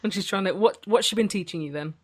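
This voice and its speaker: A woman's voice: mid-range voice, quick pace. Blunt, teasing woman podcaster. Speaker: podcast co-host. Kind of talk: casual chat.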